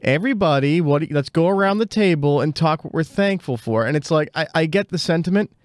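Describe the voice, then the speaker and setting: A man's voice: fairly high pitch, lively intonation, brisk, dry recording, clean studio sound. A man co-hosting a podcast, playing up a mock villain persona with lots of hesitant fillers. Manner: playful mock-heel bravado, hesitant fillers. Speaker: co-host and producer. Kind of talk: casual podcast banter.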